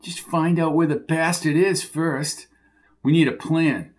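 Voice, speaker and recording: A man's voice: a little high, fairly even intonation, measured pace, lightly acted. A man voicing a level-headed male investigator who talks plainly and in a businesslike way.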